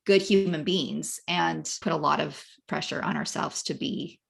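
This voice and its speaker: Woman, podcast host, gravelly low voice, thoughtful, rambling, casual interview chat. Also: steady tone, unhurried.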